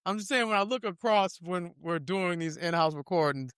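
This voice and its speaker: A man co-hosting a podcast, talking in loud, animated casual banter, often laughing. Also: high voice, moderate pace, smooth, dry recording, studio quality. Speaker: podcast co-host.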